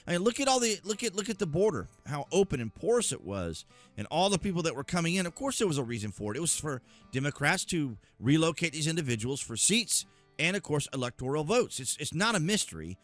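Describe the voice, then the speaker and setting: Animated, bright-voiced man commentator. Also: fairly high pitch. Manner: emphatic, many filler pauses. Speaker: political commentary host. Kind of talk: casual political commentary.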